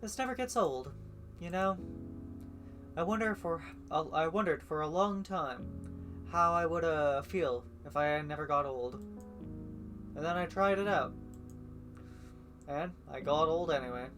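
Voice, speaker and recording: A man's voice: on the high side, a little slow, pauses often, fairly bright tone. A man reading the lines of a weary older man who runs a café for the dead, in a wry, reflective way. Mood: wistful. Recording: guitar music playing underneath.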